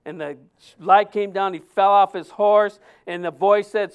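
A man's voice: high voice, fairly even intonation, unhurried, hardly any pauses, clean tone. A man preaching a sermon as a pastor, conversational and emphatic, often acting out quotes.

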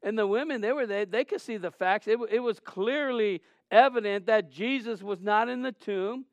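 A man delivers a sermon with a high, clear, smooth voice. He preaches conversationally, telling stories animatedly and often restarting his phrases. The sound is dry, with little room echo. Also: moderate pace, lo-fi sound. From Southern California. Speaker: pastor.

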